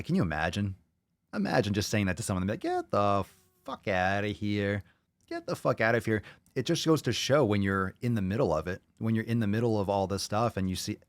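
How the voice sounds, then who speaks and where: A man with a low voice hosts a casual podcast, ranting to his listeners and swearing freely. He talks on a close mic in a dry room with no echo. His delivery is loose, profane and full of drive. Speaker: podcast host. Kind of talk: casual livestream podcast chat.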